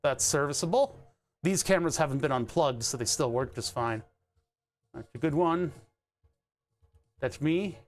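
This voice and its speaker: A man's voice: on the high side, measured pace, pauses often. A man casually rambling and joking on a stream from his home workbench, sardonic and full of restarts. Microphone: desk webcam setup.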